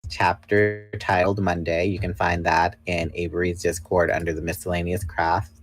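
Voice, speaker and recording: A man's voice: deep voice, little pitch movement, moderate pace, soft background music, rough recording. A man in his twenties, chatting casually and bluntly as a guest on a livestream. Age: 20s. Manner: blunt, self-assured talker. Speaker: podcast guest.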